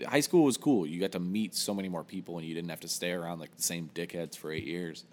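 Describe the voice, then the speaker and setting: A man's voice: sits low, fast, a little mellow, long reverb tail. A young man chatting casually on a podcast, telling stories with plenty of swearing and laughter. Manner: profane, laughing storyteller. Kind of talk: casual chat.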